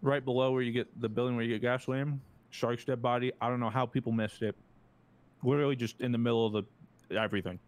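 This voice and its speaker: A young man with a middle-pitched voice talks through a mouthful of food during a casual game chat with friends. he explains things plainly and keeps a laid-back tone. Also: steady tone, fast. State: talking with food in his mouth. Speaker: streamer playing with friends.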